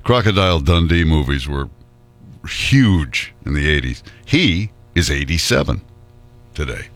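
A man hosting a morning radio show in relaxed, chatty banter. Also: a bass voice, measured pace.

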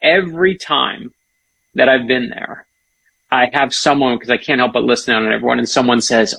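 Husky gravelly man, eager storyteller. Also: mid-range voice, fairly even intonation, sharp tone. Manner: enthusiastic storyteller, quick asides. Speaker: author guest. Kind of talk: casual chat.

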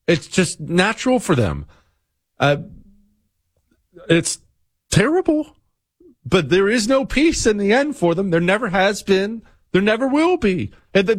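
A man hosts a political talk show with an opinionated monologue. His pitch swings widely as he presses each point, and he often repeats phrases for stress. His voice sounds dry, with no room echo.

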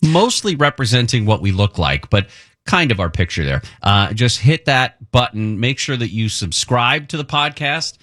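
A man's voice: mid-range voice, sing-song, moderate pace, a bit bright, no room sound. A man co-hosting a live radio show from a studio, chatting loosely and joking as he goes. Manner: loose, joking, rambling delivery. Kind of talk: casual talk radio chat. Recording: dry studio mic.

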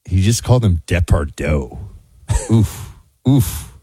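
A man's voice: low-pitched, slow pace, breathy edge, no room sound, clean studio sound. A male radio talk show co-host who jokes, teases his partner and reads ads for the show's sponsors. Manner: jokey, animated, teasing.

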